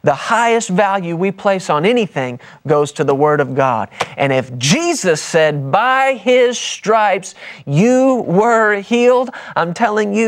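A man preaching a sermon on a broadcast, telling a story and then building to emphatic points. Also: mid-range voice. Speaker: pastor.

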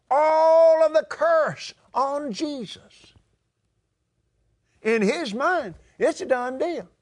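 A Texan man preaching a sermon in an emphatic, drawn-out way, joking and laughing at himself. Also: extremely high pitch.

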